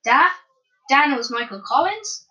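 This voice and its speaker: A woman's voice: high voice, lively intonation, unhurried, sharp tone, muffled recording, voice pushed up, full character voice. A woman reading aloud, voicing a spirited young girl who asks eager questions. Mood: curious.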